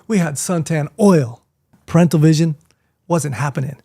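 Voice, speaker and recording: A man in his sixties, hosting a vlog and telling stories in a punchy, animated way that turns loud and emphatic. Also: on the high side, moderate pace. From Miami, Florida, US. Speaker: vlog host and martial arts teacher. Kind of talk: casual storytelling vlog.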